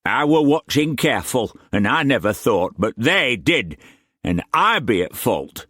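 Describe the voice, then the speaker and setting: A man's voice: medium pitch, very animated, unhurried, a bit bright, no room sound, studio quality, voice pushed up. A man reading aloud, voicing a frightened woman who speaks in a broad country dialect. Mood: anxious. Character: frightened rough-spoken older woman.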